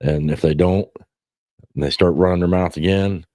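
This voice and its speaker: Middle-aged guy, real low voice, dry close sound, rambling and cussing through a story. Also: steady tone, moderate pace, warm tone, no room sound. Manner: rambling storytelling with restarts and cursing. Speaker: podcast host. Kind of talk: casual chat.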